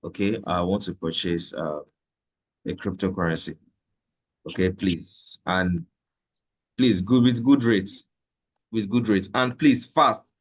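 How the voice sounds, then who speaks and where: Male trading instructor, low voice, chatty, repeats himself, checks in often. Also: slow pace, pauses often, a little mellow, breathy edge. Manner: conversational, repeats points, checks in with "okay?". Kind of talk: live trading lesson.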